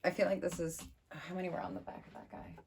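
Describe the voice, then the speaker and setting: A woman giving a casual tarot reading, chatty and excitable as she thinks aloud over the cards. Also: lowish voice, fast, slight background noise. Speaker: tarot reader.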